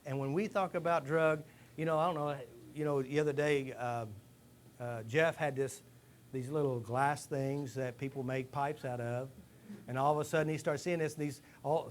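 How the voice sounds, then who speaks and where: Guy giving a lively talk to a rehab crowd, kinda high voice, faint room noise. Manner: lively, asks the room questions, acts out stories. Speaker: speaker addressing a rehab group. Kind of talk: live motivational talk to an audience. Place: group room at a rehab center.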